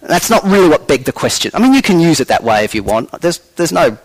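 Animated man preaching conversationally. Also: fairly high pitch, fast, low-quality recording. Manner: animated, conversational, acts out quoted voices. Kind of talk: sermon.

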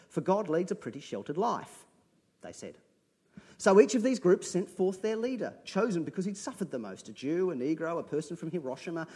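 A man's voice: fairly high pitch, a little mellow. A man preaching a sermon, earnest and conversational, breaking from dramatic readings into plain asides to his listeners.

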